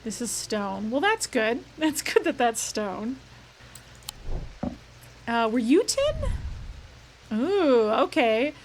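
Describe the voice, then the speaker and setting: A woman's voice: fairly high pitch, very animated, slow pace, pauses often, slight background noise. A young woman streaming a puzzle game, chatting and thinking aloud, reading game text aloud and correcting herself as she goes. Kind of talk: game let's play commentary. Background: background game music.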